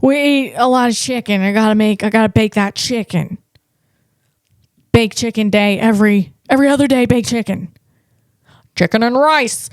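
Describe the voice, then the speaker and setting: A woman with a fairly high voice hosts a comedy podcast, telling loose, rambling stories about her family in a gushing, animated way. She drifts along at a normal speed with frequent pauses, dropping a playful "man" and "you know" here and there. The recording is close and dry, with no room sound at all.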